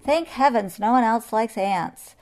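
A woman's voice: a little high, expressive, unhurried, a little mellow, low-quality recording. A woman voicing a proud, cheerful male anteater in a children's storybook, with a bouncy, singsong way of talking.

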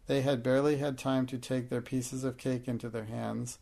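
A man narrating a storybook in a measured, even reading. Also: mid-range voice, creaky, a little hiss or hum. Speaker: audiobook narrator.

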